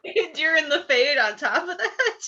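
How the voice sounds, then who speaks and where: A woman running a tabletop game as game master, narrating in a relaxed, amused way with lots of fillers. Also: high voice, moderate pace, lo-fi sound, background noise.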